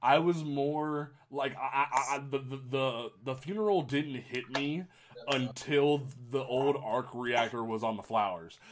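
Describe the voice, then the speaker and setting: A man talking in a casual podcast chat, mid-pitched and rambling. He gets excitable and keeps restarting his sentences. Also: unhurried, a crowd in the background. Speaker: podcast host.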